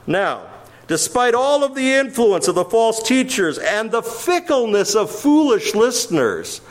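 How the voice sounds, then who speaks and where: A man's voice: extremely high pitch, very animated, unhurried. A man preaching an expository sermon to a church congregation, stressing key words with emphasis and putting questions to his listeners. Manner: emphatic, explains the original wording, asks the congregation questions. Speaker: pastor.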